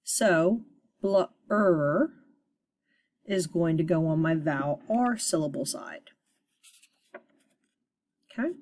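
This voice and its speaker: Female teacher, slightly low voice, cheerful, stretches out phonics sounds for kids. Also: lively intonation, darkish tone. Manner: upbeat, deliberate sounding out of sounds. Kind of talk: recorded phonics lesson for young students.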